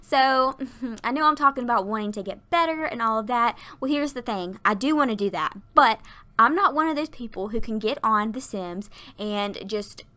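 Tired young woman rambling over a game build, crisp bright voice, keeps laughing. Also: a little high, animated, normal speed. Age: 20s. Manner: chatty and rambling, laughs often. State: tired and out of breath. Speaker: YouTuber narrating a Sims build. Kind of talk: casual voiceover chat. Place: workplace. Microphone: desktop USB mic.

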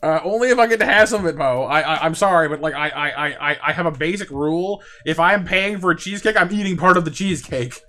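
Bright-voiced chatty gamer man. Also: fast, few pauses, soft background music. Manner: chatty, stutters and repeats words, bursts into high excited yelps. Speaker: streamer playing with viewers. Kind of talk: casual live-stream chat over gameplay.

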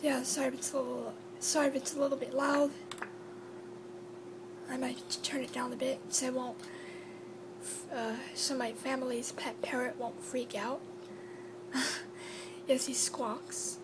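A woman chats casually as she hosts her video, apologizing often and slipping into a whisper now and then. Her voice sits high. A clear hum runs under the recording. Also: flat delivery, a little slow, pauses often. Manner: chatty and apologetic, drops to a whisper at times. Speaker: video host. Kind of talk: casual chat.

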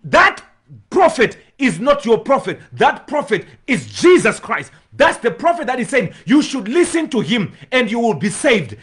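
A male pastor delivering a fiery sermon in a husky, fairly high voice. His pitch leaps and falls in wide swings as he moves from shouted proclamations down to near-whispered pleas. Now and then he breaks into speaking in tongues. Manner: preaching with rising shouts and tongues, swings from loud to hushed.

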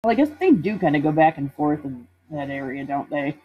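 A woman's voice: low voice, animated, brisk, slight background noise. A woman casually commenting on a video game she streams, reading text aloud and joking about it. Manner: playful, reads game text aloud and jokes. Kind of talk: casual let's-play commentary. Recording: dull lo-fi stream audio with game music.

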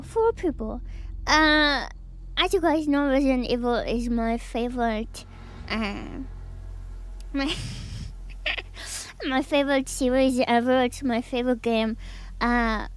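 A woman streamer chatting casually to her viewers, giggly and excitable, rambling with lots of fillers. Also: sits high.

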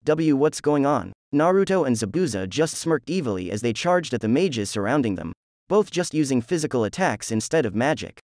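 A man narrates a fan story in a plain, even reading. His voice sits at an ordinary middle pitch, and the sound is dry and close to the mic. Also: fairly quick, no room sound.

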